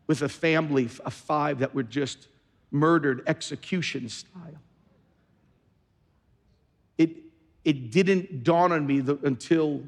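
A man on the high side of the pitch range preaches in a large hall. As a pastor, he tells a story, quotes others, and works up to fervent exhortation.

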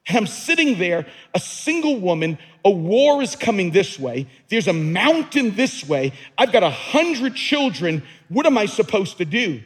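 A man preaching a dramatic sermon as a pastor in a church, building to loud emphatic peaks. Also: high voice, big pitch swings, measured pace, hardly any pauses, husky. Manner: dramatic preaching, rising to near-shouts on key words. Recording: long hall reverb.

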